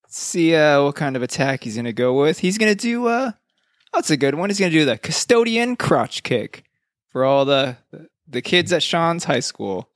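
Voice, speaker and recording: Bantering podcast co-host, slightly high voice. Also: male voice, big pitch swings, moderate pace, dry recording, studio quality. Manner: loose, swearing, jokey banter. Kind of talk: casual chat narrating a dice battle.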